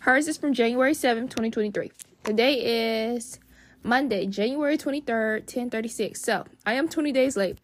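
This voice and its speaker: A woman's voice: a little high, normal speed. A young woman hosting a casual advice podcast, bubbly and gushing, full of endearments and fillers. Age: young adult. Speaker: podcast host.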